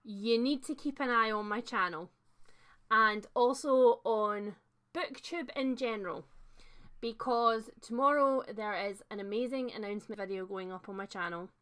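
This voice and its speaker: A young woman hosts a casual livestream, chatting to viewers as she reads their comments. Her voice is bright and fairly light, and she talks in a loose, friendly way with plenty of fillers. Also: medium pitch, smooth. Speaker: host of a livestream book chat.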